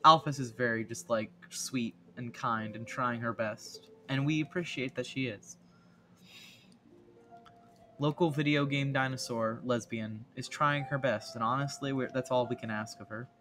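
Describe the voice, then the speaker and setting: Silly, rambling male streamer, bright tone, music faintly underneath. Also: mid-range voice, fairly even intonation, a little slow. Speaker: art streamer. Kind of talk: casual live-stream chat. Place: home streaming setup.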